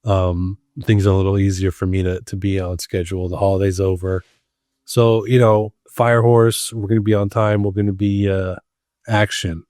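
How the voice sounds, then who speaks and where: A man's voice: sits low, little pitch movement, moderate pace, a little mellow, no room sound, clean studio sound. A man hosting his own podcast in a casual, rambling solo chat, his voice strained and tired from long talking. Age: adult with school-age kids. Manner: rambling, many ums and restarts. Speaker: podcast host.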